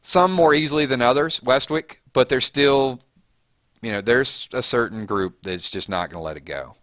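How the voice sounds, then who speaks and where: A man's voice: mid-range voice, moderate pace, no room sound, studio quality. A man hosting a casual live stream, chatting loosely and reading out viewer comments, his voice jumping up on names and questions. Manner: animated, voice jumps up on names and questions.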